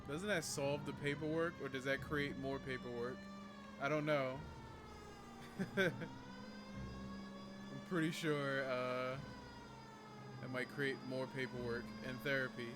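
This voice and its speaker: A man's voice: mid-range voice, steady tone, a little slow, pauses often. Joking male game streamer. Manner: joking, chatty, laughs often. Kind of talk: casual livestream commentary.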